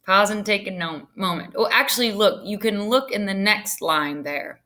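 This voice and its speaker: A woman teacher giving a recorded screencast lesson in a deliberate, teacherly way with occasional fillers. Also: medium pitch, noisy background. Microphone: computer screen recording.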